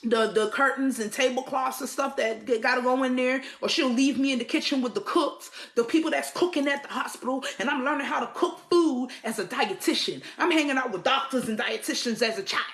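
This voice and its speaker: A woman's voice: sits high, a little fast, few pauses, fairly bright tone, reverberant. A woman telling her own life story in an emphatic, repetitive way, often restarting her sentences. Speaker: survivor sharing her story. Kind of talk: personal storytelling.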